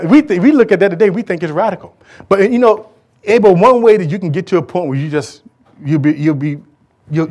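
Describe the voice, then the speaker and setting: A middle-aged male pastor preaching a sermon to his congregation, swinging between loud calls and hushed asides. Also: fairly high pitch.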